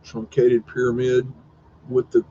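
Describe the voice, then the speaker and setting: Brief: man as live-stream host, rambling and profane, mid-pitched voice, dull lo-fi audio. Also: completely flat delivery, a little slow, mellow, slight background noise. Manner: rambling, profane, wondering aloud, teasing his dog. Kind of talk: casual live-stream commentary on old photos.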